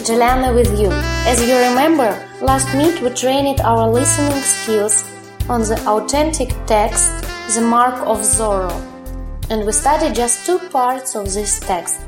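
A woman's voice: on the high side, measured pace. A woman hosting a radio English lesson, introducing the reading in a friendly, careful way. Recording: roomy, with music behind. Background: music.

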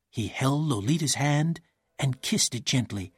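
Man, storybook narrator, husky, lively intonation, measured. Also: medium pitch, dry recording, clean studio sound. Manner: clear, measured storytelling with voiced characters. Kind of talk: storybook read-aloud narration.

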